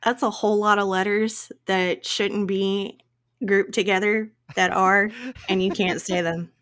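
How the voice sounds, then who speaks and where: A woman's voice: medium pitch, little pitch movement, unhurried, fairly bright tone. A woman co-hosting a casual podcast, chatty and laughing often as she jokes about her own pronunciation. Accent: regional accent. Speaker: podcast co-host. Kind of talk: casual chat.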